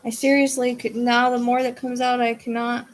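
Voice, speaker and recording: A woman hosts a casual livestream from home and sounds tired and drained. Her voice sits a little high, and she rambles, starting sentences over and letting them trail away. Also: flat delivery, normal speed. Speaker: psychic livestream host. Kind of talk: casual livestream chat with viewers.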